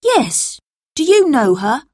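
A woman voicing a tall, strong street boy who speaks in a firm, deliberate, slightly raised voice in a storybook reading. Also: sits high, big pitch swings, darkish tone, no room sound, studio quality, pitched above the performer's own voice, exaggerated voice. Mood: friendly.

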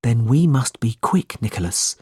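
A man voicing a loyal, worried clerk in a storybook reading, hurried and confiding. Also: mid-range voice, lively intonation, warm tone, husky, dry recording, clean studio sound. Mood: urgent.

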